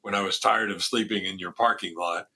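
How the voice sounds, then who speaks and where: An older man from Miami, a former foundation president, is a guest telling stories in a radio interview. He's an animated raconteur with a bright, husky, deep voice who talks fairly quickly, quotes others in a raised voice and restarts often.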